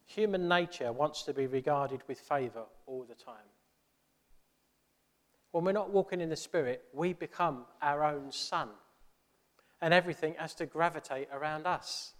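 A man's voice: fairly high pitch, normal speed, big-room sound. A male pastor preaching a sermon in a church, earnest and conversational, with many rhetorical questions.

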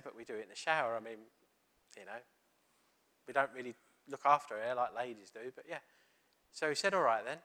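A middle-aged man giving a sermon, telling a story and acting out the dialogue. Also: medium pitch. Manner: storytelling, animated, retelling dialogue. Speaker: preacher.

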